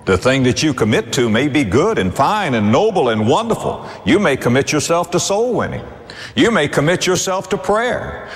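A man preaching a sermon with emphatic rhetorical questions and sweeping pitch swings. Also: long reverb tail.

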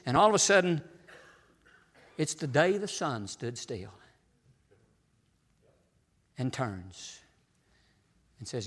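Male pastor, fiery preaching, shouts then hushes, slightly high voice, long church reverb. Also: expressive, unhurried, pauses often. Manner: shouting preacher, swinging from loud cries to near-whispers. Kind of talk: fiery sermon. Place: church sanctuary.

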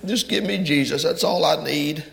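Male preacher, gravelly and a touch high, fervent sermon delivery, long church reverb. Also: normal speed. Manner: fervent, rising to loud emphatic peaks. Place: church sanctuary. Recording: echoey hall from far off.

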